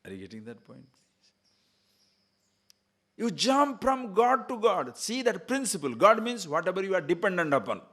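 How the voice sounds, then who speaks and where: A man's voice: high-pitched, sing-song, moderate pace, long pauses, fairly bright tone. A male spiritual teacher giving a lecture on scripture. He talks earnestly, builds points in lists and keeps telling listeners to listen carefully.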